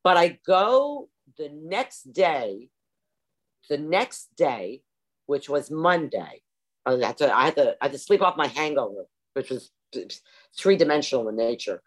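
A woman's voice: sits low, big pitch swings, unhurried. A woman telling her recovery story at a meeting over a video call, theatrical and self-mocking. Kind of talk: personal storytelling talk.

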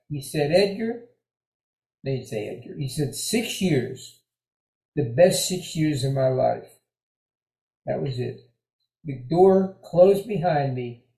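An older man tells his own story in a high, mellow voice. He talks in an animated, conversational way and leans on repeated phrases. The room around him rings with echo. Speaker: storyteller sharing recovery story. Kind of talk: personal storytelling talk.

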